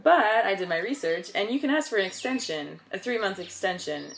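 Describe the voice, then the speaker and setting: A woman's voice: mid-range voice, fairly quick, vocal fry, slight background noise. Bubbly young American woman vlogging. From United States. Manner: bubbly and excitable, with frequent laughs. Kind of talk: casual vlog chat.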